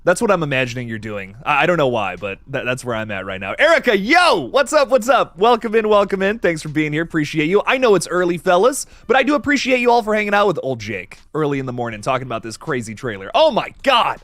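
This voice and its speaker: A man hosting a live horror-movie stream, excitable, laughing often and reading viewer comments aloud. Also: on the high side, fast talker, hardly any pauses, dry recording. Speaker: livestream host.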